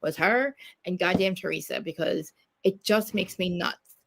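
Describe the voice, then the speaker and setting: Podcast host type: a woman with a gravelly edge, swearing freely, animated, slipping into quoted voices. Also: lowish voice, normal speed. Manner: profane, animated, acts out quotes. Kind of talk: casual gossip chat. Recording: dry home streaming mic.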